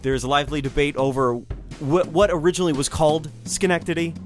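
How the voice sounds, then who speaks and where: A man's voice: on the high side, a little fast, faint music behind. A man hosting a history show, telling the story in a loose, conversational way with speculative asides. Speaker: history podcast host. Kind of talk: casual history lecture.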